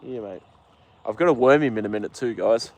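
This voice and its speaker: A man's voice: mid-range voice, fairly quick. Congested man chatting on a live stream. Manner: relaxed, chatty, talks to the horse between comments. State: congested from a cold. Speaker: live-stream host with his horse. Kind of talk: casual live-stream chat reading comments. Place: outdoors at a horse paddock.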